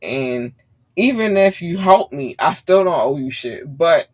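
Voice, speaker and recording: Woman, podcast host, blunt, profane, heated rant, slow drawn-out delivery. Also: deep voice, expressive. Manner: blunt, heated, cursing freely. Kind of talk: profane ranting commentary.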